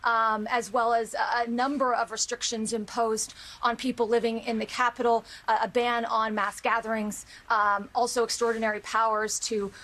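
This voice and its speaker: Measured woman news correspondent. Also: a little high, little pitch movement, a bit bright. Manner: measured, with frequent uh and um fillers. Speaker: foreign correspondent. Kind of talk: live news report.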